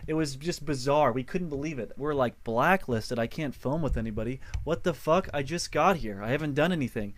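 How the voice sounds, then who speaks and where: A man's voice: on the high side, expressive, moderate pace, few pauses, dry recording. Aggrieved young man narrating, dry sound. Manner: aggrieved, storytelling. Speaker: YouTuber narrating his side. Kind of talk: video narration.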